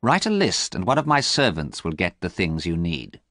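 A man's voice: low-pitched, wildly swooping pitch, normal speed, fairly bright tone, dry recording, studio quality, heavily acted. A man voicing a desperate young man who urgently commands and threatens. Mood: threatening. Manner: urgent, insistent pleading.

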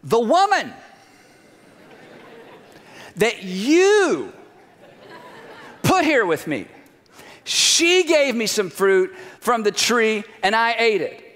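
A man's voice: very high voice, lively intonation, unhurried, fairly bright tone, big-room sound, a faint crowd, voice pushed up, exaggerated voice. A man voicing the first man as a defensive adult who shifts the blame onto others. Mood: indignant. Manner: indignant, self-justifying.

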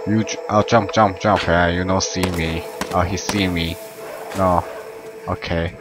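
Deep-voiced young man doing game commentary. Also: unhurried, low-quality recording. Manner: excitable, swears, broken English. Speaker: gameplay commentator. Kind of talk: let's play commentary. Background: game music.

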